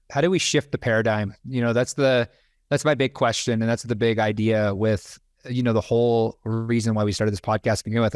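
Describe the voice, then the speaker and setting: A man's voice: mid-range voice, dry recording. Male host, dry close recording, meandering questions, many fillers. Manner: rambling, heavy use of "like" and restarts. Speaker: podcast host. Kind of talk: casual interview questions.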